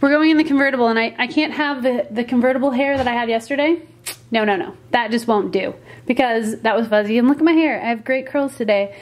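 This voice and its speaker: A woman's voice: a little high, fast. A woman vlogging casually about her vacation, chatty and playful, often laughing. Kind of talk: casual travel vlog. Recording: echoey room, faint noise.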